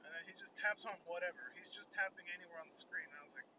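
A young man hosting a podcast, telling a story about a customer in a profane, animated casual rant. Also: high-pitched, rapid-fire. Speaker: podcast host. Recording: distant, muffled, noisy recording.

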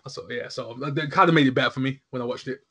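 In a husky, mid-range voice at a racing pace, a man chats casually and rambles animatedly. He often checks in with his listener, frequently saying "you know what I'm saying."

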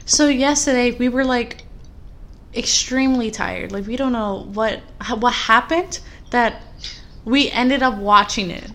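A young woman co-hosting a podcast in casual chat, telling animated, rambling stories full of fillers. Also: on the high side, unhurried. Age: young adult. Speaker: podcast co-host.

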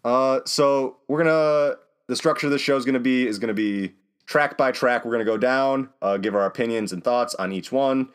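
A man's voice: medium pitch, normal speed, clean tone. Laid-back man co-hosting a podcast. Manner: relaxed, with many "uh" fillers. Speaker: podcast co-host. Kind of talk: casual chat.

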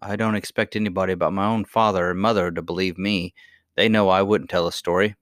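Brief: male reader playing stubborn miner boy, gruff and sulky. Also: deep voice, fairly even intonation, fairly quick, a bit bright, dry recording, studio quality.

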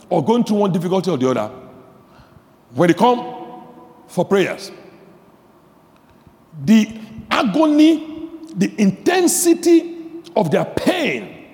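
Animated preacher with a lively high voice. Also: male voice, in a large hall. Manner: animated preaching, swinging from quiet asides to shouted emphasis; repeats phrases for emphasis, asks the audience questions. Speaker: pastor. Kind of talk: sermon.

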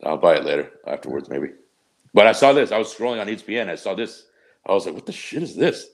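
A man's voice: deep voice, animated, quick pace, gravelly. A man co-hosting a podcast, explaining things in a laid-back casual chat and swearing offhandedly. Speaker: podcast co-host.

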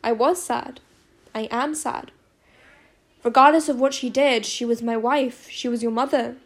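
A woman voicing a gentle, caring middle-aged father in an audiobook, speaking softly and tenderly. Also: on the high side, fairly even intonation, unhurried. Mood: sad, gentle. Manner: soft, quiet and tender. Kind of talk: audiobook character voice.

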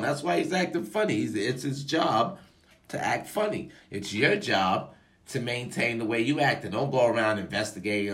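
Young guy ranting about haters, swearing a lot, goes from mumbly low to yelling loud. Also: lively intonation, normal speed. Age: young adult. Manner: profane, emphatic, swings between loud outbursts and low asides. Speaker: vlogger. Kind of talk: casual motivational rant.

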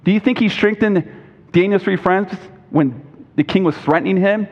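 Emphatic pastor preaching in a reverberant hall. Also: male voice, very animated, brisk, vocal fry. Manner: emphatic, rising pitch on scripture quotes, asks the congregation questions. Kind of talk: sermon. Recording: dull lo-fi recording with long hall reverb.

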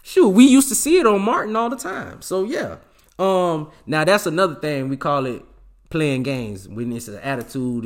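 A man's voice: a little high, lively intonation, normal speed. A man talking in a casual monologue, giving blunt, slangy relationship advice with emphatic delivery. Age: adult with a child.

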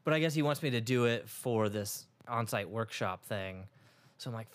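A man's voice: medium pitch, expressive, normal speed. Young man rambling casually on a podcast. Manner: rambling, lots of fillers, laughs often. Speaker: podcast co-host. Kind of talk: casual chat.

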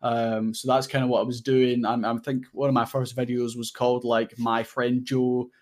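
Young man, interview guest, casual chat, rambling, self-deprecating, many ums, mid pitch. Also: little pitch movement, normal speed, a little mellow. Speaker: guest content creator.

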